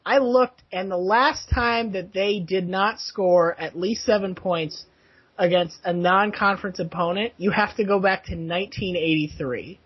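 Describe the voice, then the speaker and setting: A man from Tampa with a husky voice tells jokes in a flat, dry way during casual sports chat. The recording sounds dull and lo-fi. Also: high-pitched, a little slow, no echo. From Tampa, Florida. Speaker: podcast co-host. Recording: dull lo-fi podcast audio.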